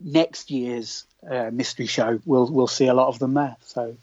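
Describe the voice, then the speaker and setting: A man co-hosting a casual podcast, teasing his partner wryly with halting restarts. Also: mid-range voice, steady tone, a little mellow, no echo. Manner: wry, teasing, hesitant restarts. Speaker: podcast co-host. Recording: slightly dull, dry.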